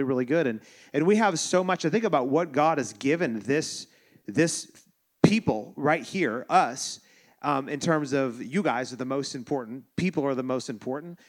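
A man preaching a sermon as pastor, loose and joking, with many restarts. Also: medium pitch. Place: church sanctuary.

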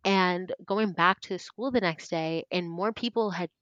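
A young woman in her twenties, a podcast guest telling her story in casual chat, earnest and animated, acting out what others said. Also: lowish voice, unhurried, no room sound, dull audio. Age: 20s. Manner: earnest, animated, acts out quoted voices.

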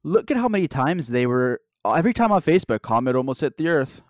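A man talks in a loose, rambling way, joking and swearing as he goes. His voice sits at a middle pitch. The sound is dry and close, with no room behind it. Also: big pitch swings, fast, dry recording. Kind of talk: casual chat.

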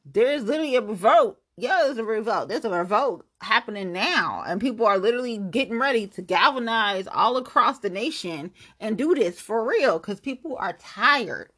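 A woman hosting her own podcast, ranting bluntly and profanely, swinging between loud outbursts and low muttering. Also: expressive, normal speed, few pauses. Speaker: podcast host. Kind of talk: unscripted solo podcast rant.

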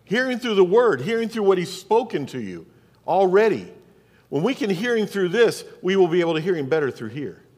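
Southern male pastor, emphatic repeating sermon style, slightly high-pitched, recorded in an echoing sanctuary. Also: very animated, a little fast, a little mellow, slightly rough. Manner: preaching with rhetorical questions and emphatic repetition. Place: church sanctuary. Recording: long reverb of a church hall.

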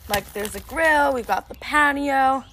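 A woman's voice: high-pitched, unhurried, sharp tone. A young woman leading a casual snack taste test in her backyard, easygoing and giggly. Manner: easygoing, leads the tasting, giggles. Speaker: co-host. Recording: outdoor noise, birds. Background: birds and wrapper crinkling.

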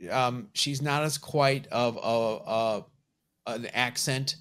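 A man's voice: medium pitch, fairly even intonation, slow, a bit bright, clean tone. A man co-hosting a comic book show, chatting casually with wry, joking asides. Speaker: comic book podcast co-host. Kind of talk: casual chat.

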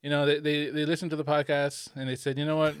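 A man's voice: on the high side, little pitch movement, quick pace, smooth, dry recording. A man co-hosting a podcast in casual chat, joking and teasing and laughing often. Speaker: podcast co-host.

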